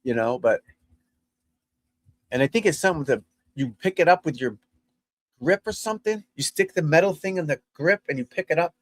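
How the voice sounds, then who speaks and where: A man's voice: on the high side, lively intonation, moderate pace, long pauses, dry recording. Blunt, chatty male golf coach. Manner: blunt, profane, chatty, addresses viewers as folks and guys. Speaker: golf instructor hosting a livestream. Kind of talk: casual livestream commentary.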